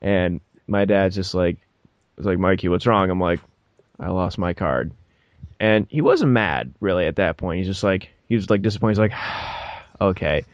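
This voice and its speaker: A man's voice: low-pitched, moderate pace, no echo, dull audio. A young man on a podcast, telling a story casually and laughing as he acts out the people in it. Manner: animated, laughs mid-story, acts out voices. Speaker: podcast co-host.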